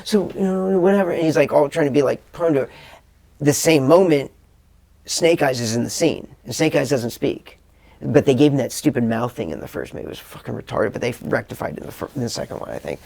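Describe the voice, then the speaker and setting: Gravelly animated man ranting casually. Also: mid-range voice, brisk. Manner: rambling, animated, swears freely, acts out scenes. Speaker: podcast co-host. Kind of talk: casual chat about a movie.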